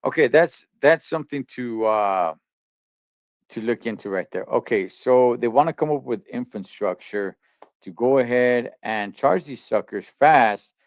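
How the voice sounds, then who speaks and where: Blunt, animated trucker. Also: male voice, mid-range voice, measured pace, no room sound, highs cut off. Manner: blunt, slangy, animated and skeptical. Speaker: trucker streamer reacting to a video. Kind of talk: casual reaction commentary.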